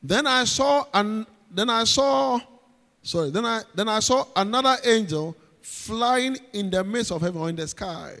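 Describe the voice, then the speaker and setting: A high-voiced man with a Ghanaian accent preaches with emphatic, repeated phrases and calls out to his congregation. His voice carries a long reverb from a big hall. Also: lively intonation, a little slow, a bit bright. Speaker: pastor. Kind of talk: sermon.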